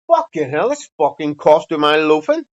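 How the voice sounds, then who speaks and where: Male streamer, slightly high voice, profane and blunt, dull lo-fi sound. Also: big pitch swings, a little slow, a bit bright. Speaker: livestream host. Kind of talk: casual rambling chat to viewers. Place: home streaming setup.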